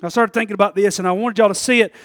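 A man preaching a sermon, joking and laughing at himself, then building up to shouted climaxes. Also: high voice, fairly even intonation, racing, no room sound, clean studio sound. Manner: jokey, self-deprecating, builds to shouting. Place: church.

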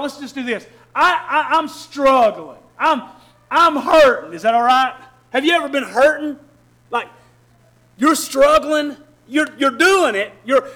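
Pastor, sermon. High, bright voice; bursts into shouts, then soft asides, stumbles and repeats. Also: male voice. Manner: shifts between loud shouting and soft low asides, repeats and restarts. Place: church hall with congregation.

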